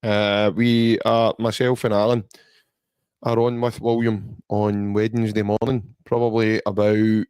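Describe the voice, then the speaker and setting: A man's voice: lowish voice, little pitch movement, measured pace, a little mellow, clear, resonant tone, dry recording. A Scottish man hosting a casual football podcast, chatty and jokey, rambling through banter. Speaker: podcast host.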